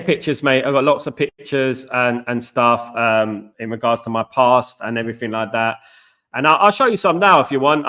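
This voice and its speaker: This middle-aged British football-channel host talks to his audience in a casual, rambling live-stream chat, often repeating himself and saying "guys." His voice is medium-pitched with a sharp tone.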